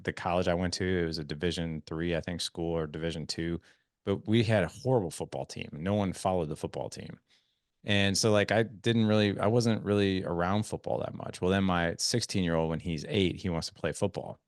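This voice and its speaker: A man's voice: low voice, brisk, no room sound, clean studio sound. A man hosting a podcast who tells a rambling, self-deprecating anecdote full of fillers. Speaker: podcast host. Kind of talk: casual storytelling conversation.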